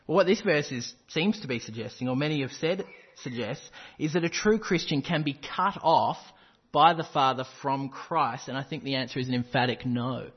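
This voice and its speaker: A man's voice: mid-range voice, moderate pace, slightly rough, muffled recording. A man preaching a sermon, quoting scripture and driving points home with emphatic repetition. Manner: emphatic, quotes scripture with rising intensity.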